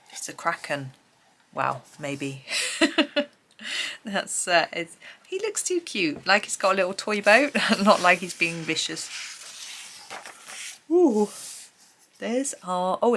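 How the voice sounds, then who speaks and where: A woman's voice: fairly low pitch, vocal fry, a bit bright, a little hiss or hum. A woman, sleepy and just woken up, chatting casually and musing aloud as she flips through pages, with light laughs. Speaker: host. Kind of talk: casual flip-through chat.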